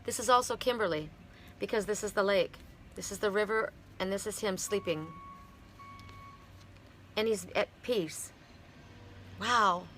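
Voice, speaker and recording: Woman, middle-aged, from Canada, oracle card reader, live stream, heartfelt, halting, bright tone. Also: medium pitch, a little hiss or hum.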